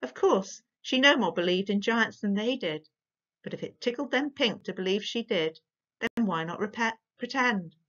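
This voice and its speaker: A woman reading a storybook aloud as storyteller, measured and expressive. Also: medium pitch. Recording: dull lo-fi recording.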